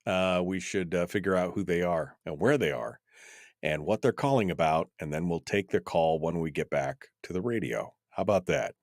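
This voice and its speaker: A man's voice: low-pitched, normal speed, dry recording, studio quality. A man hosting a casual call-in radio talk show, rambling loosely with many fillers and chuckles. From United States.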